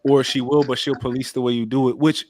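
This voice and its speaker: A man on a live panel giving his view in earnest, halting, thinking aloud. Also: medium pitch, level tone, a little mellow. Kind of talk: casual opinion chat.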